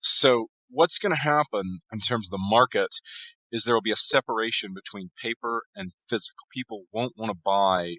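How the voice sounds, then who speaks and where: A man being interviewed as an author, giving long, steady explanations in a conversational interview. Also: fairly low pitch, moderate pace, dry recording, poor audio. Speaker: author guest.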